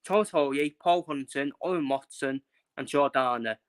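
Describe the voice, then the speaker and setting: A man's voice: mid-range voice, normal speed, smooth. A young man ranting casually in his own vlog, frustrated and blunt, repeating himself and swearing. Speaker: football fan vlogger. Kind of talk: casual opinion rant.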